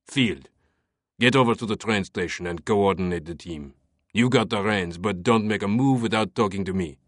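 A man's voice: on the low side, moderate pace, no room sound, clean studio sound, lightly acted. A man voicing a commanding male police captain who gives clipped, curt orders in an audiobook. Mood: harsh. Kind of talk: audiobook character voice.

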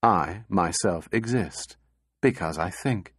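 A man voicing a calm, logical male robot who speaks quietly and evenly. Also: low voice, slightly rough, no echo, clean studio sound, heavily acted. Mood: placid. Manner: quiet, placid, measured.

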